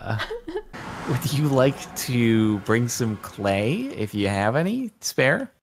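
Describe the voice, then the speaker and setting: A man's voice: medium pitch, expressive, takes it slowly, a little hiss or hum. A man streaming a game in casual chat, laid-back and dry, laughing easily.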